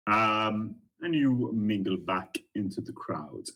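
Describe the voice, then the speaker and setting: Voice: mid-range voice, animated, slow, a bit bright. A game master narrating a tabletop role-play session, rambling with frequent ums.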